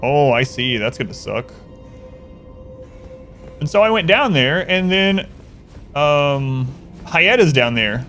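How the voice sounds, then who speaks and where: A man's voice: a little high, animated, slow, long pauses, pushed and bright, faint music behind. A man chatting casually on a game stream, rambling through a story and answering chat.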